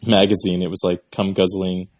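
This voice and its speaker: A man who is a guest on a casual movie podcast, talking in a lively way. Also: low voice, normal speed.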